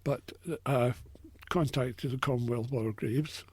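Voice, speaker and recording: A man's voice: medium pitch, a little slow, slightly rough, dry recording. An older man with a Scottish accent, telling stories in a casual radio interview, with a chatty manner full of fillers. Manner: chatty, anecdotal, many fillers. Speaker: interview guest, local war researcher.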